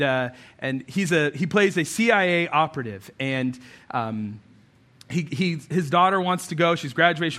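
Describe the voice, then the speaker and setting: A man preaching a sermon as a pastor, moving between impassioned appeals and relaxed conversational asides. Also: a little high. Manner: impassioned, rising to intense appeals.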